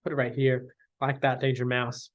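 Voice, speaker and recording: A man's voice: mid-range voice, monotone, moderate pace. A young man ranking his favorite albums in casual chat, enthusiastic and rambling, slangy and full of fillers.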